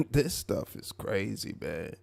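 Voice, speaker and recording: A man hosting a live stream, commenting on a clip in a mocking, animated way. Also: fairly low pitch, gravelly, no echo. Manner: mocking, animated, drawn-out asides. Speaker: live show host.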